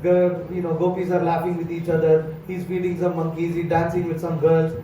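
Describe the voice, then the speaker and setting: South Indian man, high mellow voice, temple lecturer; roomy distant mic, faint hum. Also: monotone, a little fast. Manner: storytelling, acts out dialogue, many fillers. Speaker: monk lecturer. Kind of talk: morning lecture. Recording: echoey hall, far from mic, faint hum.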